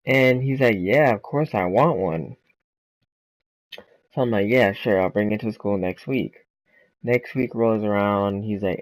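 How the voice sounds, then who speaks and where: A man's voice: fairly low pitch, no room sound, low-quality recording. A young man hosting a gaming channel, telling a casual storytime with lots of swearing and "right?" and "like". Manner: quick, loose and informal, lots of "right?" and "like".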